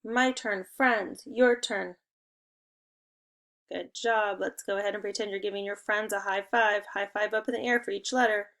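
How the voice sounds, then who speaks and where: A young woman teaching an online spelling lesson to second graders, upbeat and encouraging, giving clear step-by-step instructions. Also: medium pitch, fairly even intonation, moderate pace, a bit bright.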